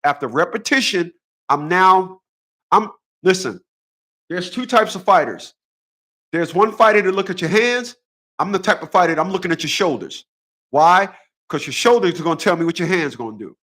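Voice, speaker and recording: Forceful and bright, a high-voiced man hosts his own channel at a moderate pace with lively intonation. He riffs casually on boxing in a combative, profane, blunt style, repeating phrases over and over to stress them.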